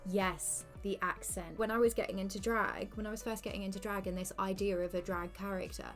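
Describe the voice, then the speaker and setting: Drag queen, casual makeup tutorial, chatty, self-mocking, middling pitch, faint music behind. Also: fairly even intonation, normal speed, a bit bright. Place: indoors at a makeup station under lights.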